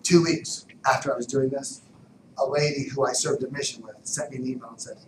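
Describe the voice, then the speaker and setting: A man giving a motivational talk, telling stories animatedly, dropping to whispers and then bursting out loud. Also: mid-range voice, fairly even intonation, a little fast, noisy background. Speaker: motivational speaker. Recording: roomy distant mic with background ambience.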